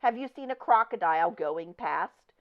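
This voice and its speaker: A woman's voice: fairly low pitch, expressive, moderate pace. A woman reader voicing a flustered, anxious older woman who pleads politely for help. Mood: worried. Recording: dull lo-fi recording.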